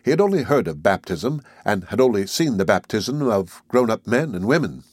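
A man's voice: lowish voice, sing-song, moderate pace, a little mellow, husky, no echo. Male audiobook narrator, dry close sound. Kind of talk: scripted narration of a classic novel.

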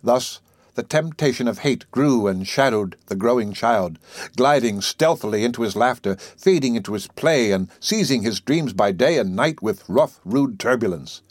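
Male audiobook narrator, mid-range voice, expressive measured delivery, dry booth sound. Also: mid-range voice, no echo. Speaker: audiobook reader. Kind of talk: scripted narration of literary prose.

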